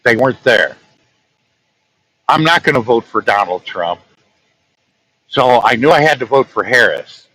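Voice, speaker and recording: Man, truck-driving vlogger, rambling casual storytelling, chuckles at his own tales, bright forward tone. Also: mid-range voice, lively intonation, a little slow, long pauses, poor audio.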